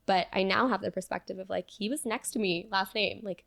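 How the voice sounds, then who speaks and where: Young woman guest telling her story, lots of "like", gravelly voice, dry close sound. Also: mid-range voice, fairly even intonation, a little fast, fairly bright tone, no room sound. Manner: earnest, fillers of "like", reenacts dialogue. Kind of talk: personal storytelling in conversation.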